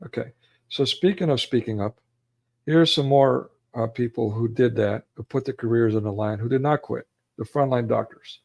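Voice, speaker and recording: A man's voice: mid-range voice, normal speed, creaky, darkish tone. A man hosting a livestream, giving rambling, preachy, emotional commentary with frequent restarts. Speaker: livestream host.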